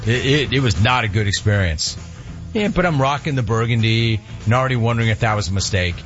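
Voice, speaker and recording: A man hosting a radio show, telling an exasperated story in a casual, animated way and acting out what people said. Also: mid-range voice, quick pace, dull audio, faint music behind. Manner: animated, exasperated retelling with quoted voices.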